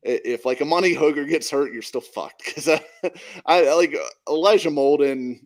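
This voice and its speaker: A man's voice: a little high, normal speed. A man co-hosting a casual sports podcast, easygoing and agreeable, swearing casually as he talks football. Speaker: podcast co-host.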